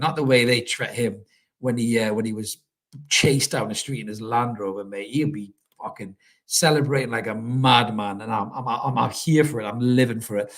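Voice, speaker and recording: A man's voice: medium pitch, a bit bright. Chatty man swearing freely. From North East England. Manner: chatty, swears freely, calls listeners mate. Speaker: fan channel host reading live chat. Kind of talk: casual live stream chat.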